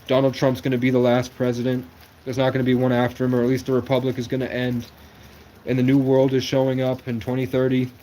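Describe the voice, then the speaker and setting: A man's voice: mid-range voice, darkish tone, slight background noise. A man in his twenties from New England, talking in a rambling livestream monologue that jumps from one conspiratorial topic to the next. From New England, USA. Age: 20s.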